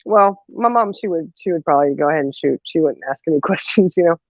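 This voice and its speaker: Talking quickly in a deep voice, a woman co-hosting a podcast tells a lively family story, laughing a lot and imitating the voices of its characters. The recording is dry, with the highs cut off.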